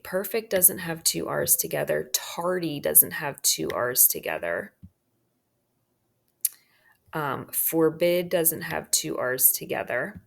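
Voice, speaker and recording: A woman teacher with a low, gravelly voice works through a phonics worksheet with her students, marking words and regularly checking in with "okay?"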